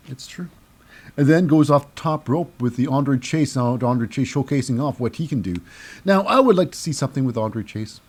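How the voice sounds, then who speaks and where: Hosting a casual solo wrestling recap, a man with a mid-range, darkish voice rambles along. He leans on lots of fillers and keeps mixing up names.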